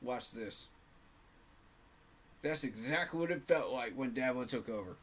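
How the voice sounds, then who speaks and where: Male fan host, mid-pitched voice, fired-up and emphatic, repeats lines for punch. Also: lively intonation, measured pace, a bit bright. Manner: passionate, emphatic, repeats phrases for effect. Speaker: sports fan channel host. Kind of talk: casual fan commentary to camera.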